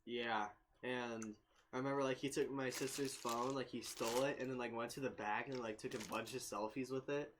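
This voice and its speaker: A man's voice: medium pitch, steady tone, moderate pace, fairly bright tone, a little hiss or hum. A man co-hosting a reaction video, telling stories in casual chat and saying "like" constantly. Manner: rambling, heavy on "like".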